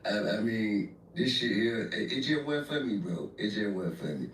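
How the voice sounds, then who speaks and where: Lively-pitched man in an echoey room. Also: a little hiss or hum. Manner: lively, laughing, quick reactions. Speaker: interview host. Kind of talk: casual interview chat. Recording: echoey room, distant from mic.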